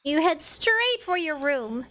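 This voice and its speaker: A woman's voice: high voice, very animated, takes it slowly, bright, forceful tone. A young woman streaming a horror game, reading its text aloud with playful commentary and dramatic sound effects.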